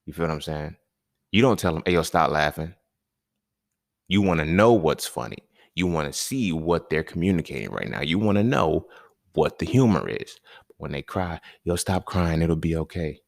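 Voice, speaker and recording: A man hosting a podcast, talking in a loose, slangy, conversational monologue that keeps checking in with the listener, with sudden animated bursts and chuckles. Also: rumbling low, moderate pace, creaky, no room sound, studio quality. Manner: loose, conversational, slangy, often asks "you feel me". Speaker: podcast host. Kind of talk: casual monologue.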